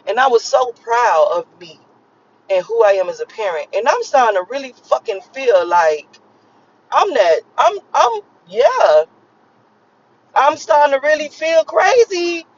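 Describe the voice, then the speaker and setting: A woman's voice: fairly high pitch, very animated, measured pace. A woman in her thirties from Miami, ranting casually to her viewers in a profane, emphatic way and repeating herself for emphasis. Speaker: vlogger. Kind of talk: casual rant to camera. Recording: slightly lo-fi recording.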